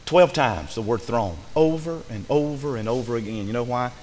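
Fervent preacher in an echoing church. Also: male voice, mid-range voice, lively intonation, moderate pace, darkish tone, a little hiss or hum. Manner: preaching with rising fervor, rhetorical questions to the congregation. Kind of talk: sermon. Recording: long hall reverb.

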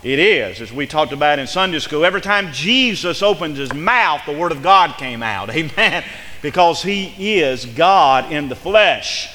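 A man preaching in a church sanctuary, his voice slightly high and sharply bright. He swells into an emphatic, chanting repetition. The sound hangs in a long church reverb. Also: expressive, a little slow. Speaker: pastor. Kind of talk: sermon.

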